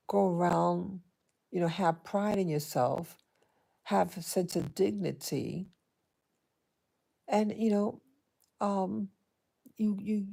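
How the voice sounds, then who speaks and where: A woman vlogger telling a personal story to her viewers in a hesitant, halting way, with many restarts. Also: fairly low pitch, gravelly, warm tone. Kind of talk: casual personal storytelling to camera.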